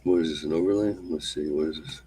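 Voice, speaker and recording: Solo show host, male, husky and low, slow and soothing repetition between casual asides. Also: poor audio. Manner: calm, slow, repetitive chanting of phrases. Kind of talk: solo show, guided mantra and casual chat.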